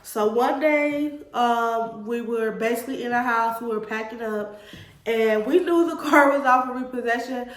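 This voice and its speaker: A young woman tells her own story straight to camera, earnest and emotional, calling her viewers y'all. Her voice sits fairly high. The room around her sounds echoey. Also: normal speed. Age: 20s. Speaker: vlogger.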